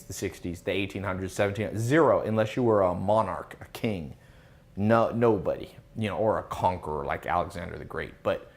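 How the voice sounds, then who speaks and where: A man hosting a casual live Q&A, reading out viewer questions and answering them in a confident, emphatic, lecturing way with rhetorical questions. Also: lowish voice. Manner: reads out chat questions, then answers.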